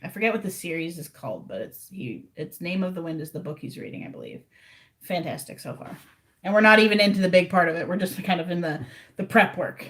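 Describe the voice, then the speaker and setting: Female streamer, relaxed rambling chat with viewers from her room. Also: lowish voice, quick pace. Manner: rambling, chatty, talks to viewers directly. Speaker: livestreamer. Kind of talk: casual livestream chat.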